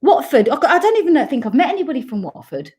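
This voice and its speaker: A woman's voice: high-pitched, very animated, fast talker, darkish tone. A woman from Coventry in her thirties, chatting casually and laughing often on a live stream. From Coventry, England. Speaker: dementia carer and travel vlogger.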